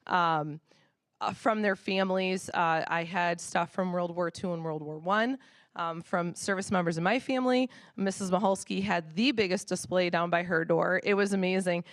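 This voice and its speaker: A woman's voice: on the low side, fairly even intonation, a little slow, no echo. A woman in her thirties, a school principal, giving a chatty, enthusiastic presentation at a school board meeting, full of fillers.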